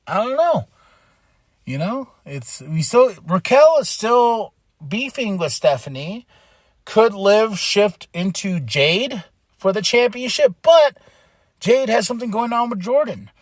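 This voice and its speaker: A man's voice: high voice, big pitch swings, slow pace, dry recording. A man hosting a podcast, recapping in a casual, emotional, rambling way with lots of restarts. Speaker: podcast host.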